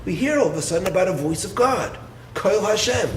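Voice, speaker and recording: A man with a fairly high voice delivers a Torah lecture as a rabbi. He asks rhetorical questions and swings his delivery between low, hushed lines and lifted, emphatic ones. The sound is roomy and echoey, with a faint hiss of background noise. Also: brisk. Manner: expressive, rhetorical questions, dips low then rises. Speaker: rabbi and yeshiva head.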